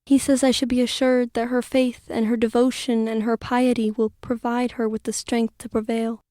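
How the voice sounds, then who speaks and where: A young woman narrating a historical audiobook in the first person, her reading quiet, wistful and even. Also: fairly high pitch, normal speed, no room sound, studio quality.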